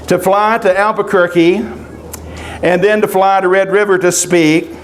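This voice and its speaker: An older man preaching a sermon, telling personal stories of loss in a halting, emotional way with long pauses. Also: sits high, a little hiss or hum. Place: outdoor family encampment gathering.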